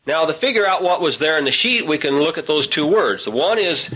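A man leading a Bible study, reading scripture aloud and asking his listeners rhetorical questions in a hurried delivery. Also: on the high side, expressive, pushed and bright, husky, low-quality recording. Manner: hurried, says he must talk rapidly. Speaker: Bible teacher.

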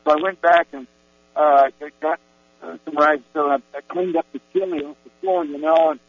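A Christian man gives a meandering personal testimony, rambling with many restarts and fillers. His fairly high voice has a breathy edge, a steady tone, and normal speed, in a dry recording that is tinny and phone-like with mains hum.

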